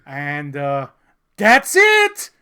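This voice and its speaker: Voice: mid-range voice, huge pitch swings, drawn-out words, bright, forceful tone, smooth. Sarcastic, profane movie-review ranter. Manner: profane, sarcastic ranting with frequent laughs; rambling, with fillers and restarts. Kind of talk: comedic movie review chat.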